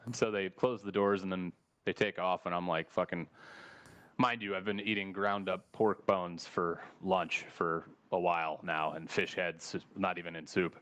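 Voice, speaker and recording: Swearing, animated American man telling stories. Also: low voice, normal speed, lo-fi sound. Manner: animated, swearing, acts out dialogue. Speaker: podcast regular telling a travel story. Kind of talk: casual storytelling with profanity.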